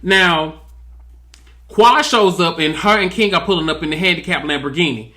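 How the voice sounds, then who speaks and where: A man's voice: fairly high pitch, normal speed, pushed and bright. A man giving sassy, drawling comedic recap commentary on a reality TV episode. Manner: sassy, drawling, mimics cast members in quotes.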